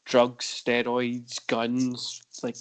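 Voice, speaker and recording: A man's voice: medium pitch, monotone, drawn-out words, smooth. A man with a Scottish accent, hosting a wrestling chat show, laid-back and rambling as he tells stories. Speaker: podcast host. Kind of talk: casual chat.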